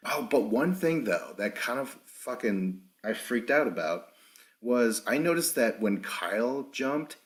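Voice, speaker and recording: A man hosting a casual solo recap podcast without a proper mic, rambling, swearing often and correcting himself as he goes. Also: on the low side. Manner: rambling, profane, self-correcting. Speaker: podcast host.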